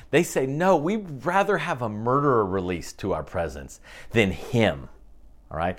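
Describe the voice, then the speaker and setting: A middle-aged man giving a sermon in a fairly low voice. He talks earnestly and keeps checking in with "okay". When he quotes the crowd, his voice jumps up in pitch. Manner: earnest, repeatedly asks listeners to imagine the scene; says okay often, acts out quoted voices with raised pitch. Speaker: pastor.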